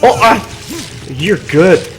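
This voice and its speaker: A high-pitched, very animated man streams a co-op game, yelping, laughing and saying the same thing over and over as enemies close in. There is a faint hiss of noise behind his voice. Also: extremely slow. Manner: excitable, yelps and laughs often, repeats himself. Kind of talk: excited gaming commentary.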